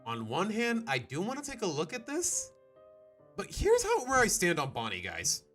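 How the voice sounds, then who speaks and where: Animated man reacting on a live stream. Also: high voice, normal speed, faint music behind. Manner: animated, sighing, groaning and laughing. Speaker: livestreamer reacting to videos.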